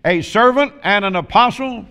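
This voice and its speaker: A man preaching a sermon, telling folksy humorous stories and asking drawn-out emphatic questions. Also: high-pitched, bright, forceful tone, clean tone.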